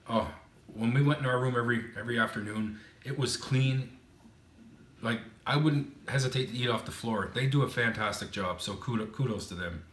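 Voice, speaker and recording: A man's voice: fairly low pitch, fairly bright tone. A man from Canada giving frank, casual advice in a chatty monologue with many fillers and restarts. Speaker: vlogger. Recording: roomy echo.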